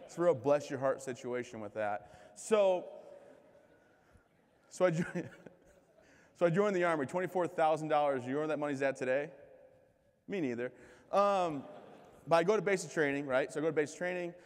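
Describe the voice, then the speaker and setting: Speaking at a large event, a man from the United States delivers a funny motivational keynote full of self-deprecating stories. He talks at normal speed with long pauses in a voice on the high side, and the PA echoes through a reverberant hall.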